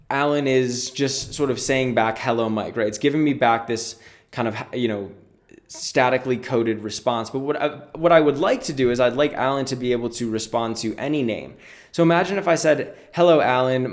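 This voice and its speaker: A man teaching programming in a screen-recorded tutorial, talking casually and explaining each step as he goes. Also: mid-range voice. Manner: casual, explanatory, walks through steps aloud. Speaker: programming instructor.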